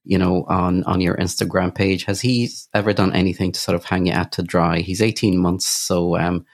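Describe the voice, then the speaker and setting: A man's voice: low voice, steady tone, moderate pace. A man hosting a podcast, friendly and chatty, complimenting his guest and talking with casual fillers. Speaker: podcast host. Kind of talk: casual interview.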